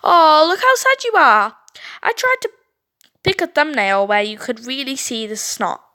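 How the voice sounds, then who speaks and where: A woman's voice: sits high, very animated, a little fast, sharp tone, full character voice. Woman reading as a spiteful teenage mean girl. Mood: mocking. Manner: mocking, sing-song and smug.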